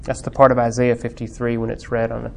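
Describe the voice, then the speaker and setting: A man teaching a Bible class on theology and religious art. He speaks reflectively with many pauses and fillers, then builds to fervent emphasis. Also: medium pitch, completely flat delivery, creaky.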